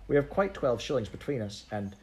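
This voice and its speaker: A man reading aloud and voicing an earnest young girl in a storybook, with a gentle, pleading put-on voice. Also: mid-range voice, very animated, a little fast, voice pushed up, natural voice.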